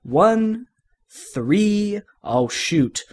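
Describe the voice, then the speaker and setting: A cocky male superhero with a husky voice, full of swagger and taunts, played by a man reading an audiobook. He talks louder and higher than the narrator around him. This is storybook acting, not a full character voice. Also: very animated, extremely slow, heavily acted. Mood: taunting. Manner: boastful, taunting. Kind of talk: audiobook fan fiction reading.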